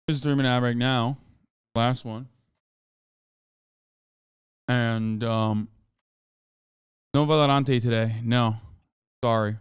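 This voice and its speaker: A man hosting a livestream in casual chat, reading viewer posts aloud in an offhand, sarcastic way with loud outbursts. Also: medium pitch, fairly even intonation, slow, long pauses, clear, resonant tone, no echo, clean studio sound. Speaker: livestream host.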